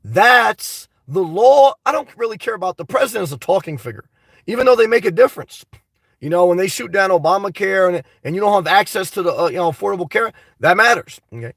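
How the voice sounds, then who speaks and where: A man hosting a casual live stream, reading viewer comments and rambling about them in an animated way. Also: high-pitched, fast, no echo, clean studio sound, recorded from a distance.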